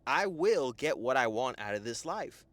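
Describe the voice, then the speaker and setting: Animated young man giving a pep talk. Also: medium pitch, moderate pace, no room sound. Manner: animated, profane, full of "right?" tags. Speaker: men's life coach. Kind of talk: motivational monologue.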